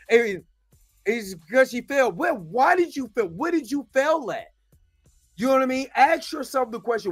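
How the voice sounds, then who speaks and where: A man hosts a casual recap show, rambling from point to point and checking in with listeners. His voice sits fairly high and gets animated as he warms up. The sound is dry and close. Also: no room sound. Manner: rambling, conversational, repeats "you know what I mean"; animated, rises in pitch when worked up. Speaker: host reviewing a TV episode.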